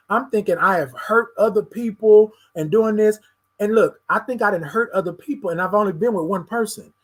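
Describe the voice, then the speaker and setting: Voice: medium pitch, husky. A show host giving a candid personal monologue, speaking straight to the audience as y'all and often stuttering over repeated words.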